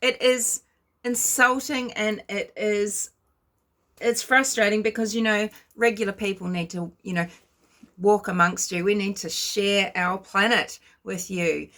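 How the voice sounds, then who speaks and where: A woman's voice: mid-range voice, steady tone, a little slow, bright, forceful tone. A woman giving ranting commentary, scornful and lecturing her viewers. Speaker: commentary vlogger.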